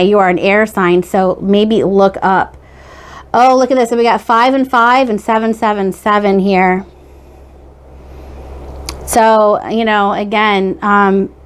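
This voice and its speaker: A woman's voice: medium pitch, clean tone. A woman giving a casual tarot reading. She talks in a chatty, rambling way and keeps checking in with her listeners. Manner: chatty, rambling, frequent "okay?" check-ins. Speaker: tarot reader.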